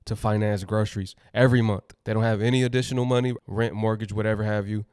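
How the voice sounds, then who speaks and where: A man's voice: lowish voice, flat delivery, very fast, hardly any pauses, darkish tone, clean tone, no room sound, clean studio sound. A man hosting a commentary channel, talking plainly and thinking aloud in a casual reaction style.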